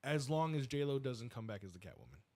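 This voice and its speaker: A man's voice: mid-range voice, very animated, fast talker, a crowd in the background. Podcast host guy, casual chat, bouncy up and down voice, stretches words out.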